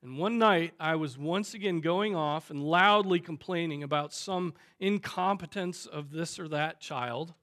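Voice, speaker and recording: High-voiced, bright preaching man. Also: a little slow, few pauses. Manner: emphatic preaching with piled-up phrases and strong swings in loudness. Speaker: pastor. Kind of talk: sermon. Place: church sanctuary.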